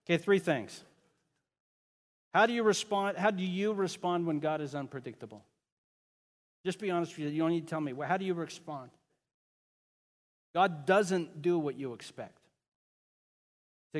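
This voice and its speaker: A man's voice: a little high, normal speed, big-room sound. A pastor preaching a sermon to his congregation in a casual, conversational way, often joking with the kids and parents.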